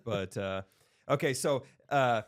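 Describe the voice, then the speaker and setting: A man's voice: mid-range voice, takes it slowly. A man with a Midwestern American accent co-hosting a podcast, telling stories animatedly and acting out the other people's lines. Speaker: podcast co-host. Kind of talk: casual storytelling chat.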